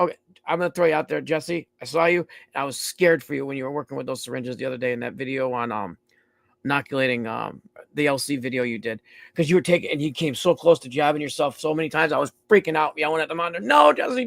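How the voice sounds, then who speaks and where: A man's voice: on the high side, creaky, no echo. A man hosting a live stream, casually demonstrating lab safety step by step in a blunt, repetitive way, swearing now and then. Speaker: streaming host teaching mycology safety. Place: dim room at home.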